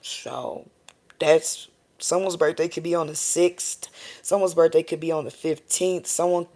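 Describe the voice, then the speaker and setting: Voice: mid-range voice, little pitch movement, unhurried, darkish tone. A tarot reader doing a live-stream reading, talking in a casual, profane and rambling way and often checking in with viewers by asking "okay?" and "all right?".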